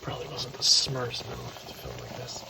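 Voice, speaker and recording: A man with a gravelly, rough-edged voice talks through a home cooking video, rambling and correcting himself as he goes. He sometimes slips into a whisper. The kitchen recording carries a steady hiss of noise behind him. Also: mid-range voice, moderate pace. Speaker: cooking channel host. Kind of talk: casual cooking ASMR chat.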